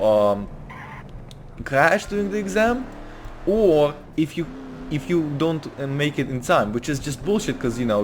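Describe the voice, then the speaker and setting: A man talks casually over his gameplay at a middling pitch, rambling and cursing as he goes. He often restarts his sentences mid-thought. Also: slight background noise. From Russia. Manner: rambling, swearing, quick restarts and laughter. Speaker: gaming video host.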